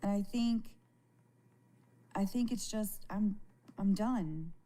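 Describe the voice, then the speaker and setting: A woman talking casually to viewers on a live stream, candid and halting, swearing freely and often restarting her sentences. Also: medium pitch, dark tone. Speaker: livestreamer.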